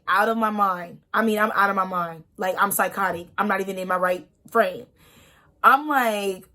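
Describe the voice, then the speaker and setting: A woman's voice: medium pitch, sharp tone. Young woman vlogger, twenties, candid emotional storyteller, filler-heavy. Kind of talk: storytime vlog.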